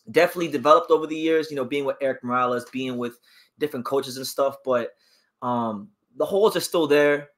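A man's voice: a little high, fairly bright tone. Chatty man hosting a boxing livestream. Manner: chatty, reads viewer comments aloud and reacts; opinionated about fighters. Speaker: boxing channel host. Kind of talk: casual livestream commentary.

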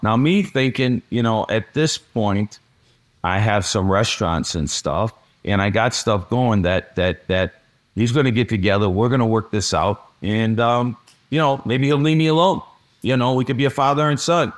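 Guy on a podcast, kinda low voice, tells it blunt and dramatic. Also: moderate pace. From Chicago, USA. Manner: blunt, dramatic retelling with rhetorical "okay?" asides. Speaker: podcast guest. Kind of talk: storytelling in a podcast interview.

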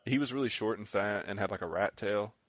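Low-voiced young man telling a rambling story. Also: fairly quick, no echo. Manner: rambling storyteller, acts out other players' lines. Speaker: podcast co-host. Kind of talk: casual chat.

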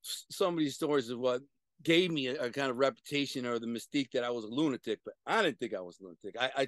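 A middle-aged man, a guest on a video-call interview, telling profane street stories in an animated way with sudden loud bursts. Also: mid-range voice, fast, no echo. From Detroit, USA. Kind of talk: casual storytelling.

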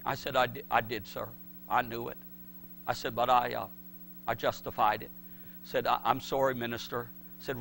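A middle-aged man preaching a sermon, swinging from shouted pleas to hushed words. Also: mid-range voice, slight background noise. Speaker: pastor.

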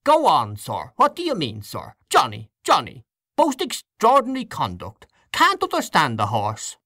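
A man's voice: on the low side, sing-song, normal speed, fairly bright tone, dry recording, studio quality. A man as a droll, genial storyteller. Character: genial man telling a comic family tale.

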